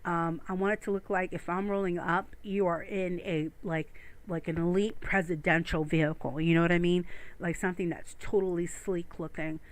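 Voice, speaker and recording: A woman's voice: lowish voice, steady tone, normal speed. A woman streaming a fishing game, chatting casually and rambling to her viewers from home. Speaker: gaming streamer. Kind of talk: casual gameplay commentary. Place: home room.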